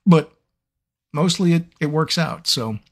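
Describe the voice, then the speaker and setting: This audiobook narrator speaks in an unhurried voice that sits on the high side. During a live fan Q&A stream, he jokes around and spins stories as an animated, playful storyteller.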